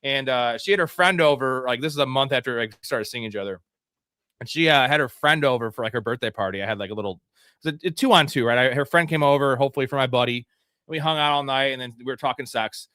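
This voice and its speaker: A man's voice: medium pitch, fast, bright, forceful tone, no echo, clean studio sound. A young man co-hosting a live sports stream, telling crude stories in a rambling way with lots of fillers. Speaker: co-host. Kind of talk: casual live-stream chat.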